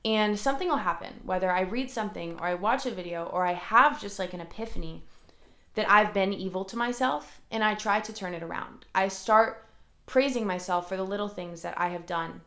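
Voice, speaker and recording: A woman's voice: mid-range voice, fairly quick, a bit bright, reverberant. A woman hosting a solo motivational podcast from her room at home, talking earnestly and rambling, with lots of "like" fillers. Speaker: podcast host. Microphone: recorded alongside a camera.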